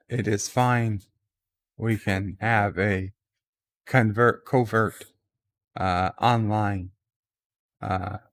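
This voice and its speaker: A man hosting a livestream, casually reading viewer comments aloud with many filler uhs. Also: fairly low pitch. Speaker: livestream host.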